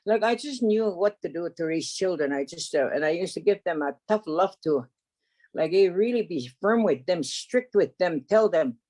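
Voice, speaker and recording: Older woman telling stories haltingly. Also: fairly low pitch, expressive, mellow. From Canada. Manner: halting, with many restarts, fillers and a tag "eh?". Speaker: elder storyteller. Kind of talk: unscripted spoken storytelling.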